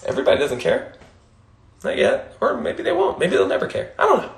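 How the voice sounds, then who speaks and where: A man's voice: high voice, huge pitch swings, brisk, gravelly, reverberant. A man hosting an Instagram Live, giving a casual motivational monologue, emphatic and swearing casually, often laughing and repeating his points.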